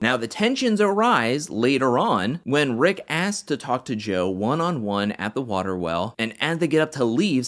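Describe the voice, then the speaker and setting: A man hosting an animated episode recap, telling the story in a casual way and acting out the quotes. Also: mid-range voice. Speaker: recap host.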